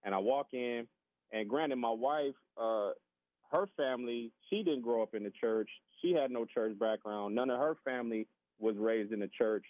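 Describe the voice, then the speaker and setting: A man telling a casual, animated story as a podcast guest, acting out the voices of other people and often repeating his words. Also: medium pitch, normal speed, no echo. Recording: tinny phone-line sound.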